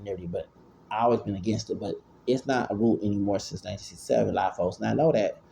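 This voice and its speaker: A man in his forties gives a loose, rambling commentary, doubling back and stumbling over his words. His voice is mellow and dark, with a gravelly fry running through it. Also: fairly low pitch, racing, slight background noise. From Houston, Texas. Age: 40s. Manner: rambling, repeats himself, stammers. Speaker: vlogger. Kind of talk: casual commentary.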